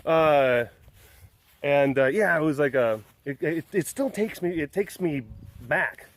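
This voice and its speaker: A man's voice: fairly high pitch, animated, unhurried. A man hosting his own webcast, telling a story in a casual, rambling way, self-deprecating and laughing often. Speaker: webcast host.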